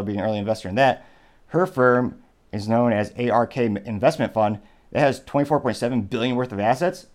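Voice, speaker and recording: Speaking in a slightly mellow mid-range voice, this host carries a political commentary show alone. His talk is conversational, peppered with sarcasm and regular detours from the topic.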